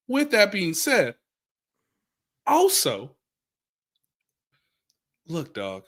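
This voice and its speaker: An American man talks football on a podcast with a lively, swooping delivery, leaning into repeated lines and quick impressions of players. His talk is loose and conversational, full of asides to the audience. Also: fairly high pitch. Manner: animated, repeats phrases, imitates players with quotes. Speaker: sports reporter and podcast co-host. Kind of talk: casual sports podcast chat.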